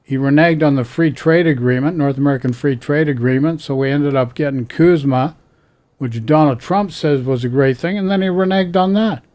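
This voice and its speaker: A man's voice: fairly high pitch, normal speed, a little mellow. A man ranting bluntly about politics in an exasperated tone. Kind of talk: casual political rant.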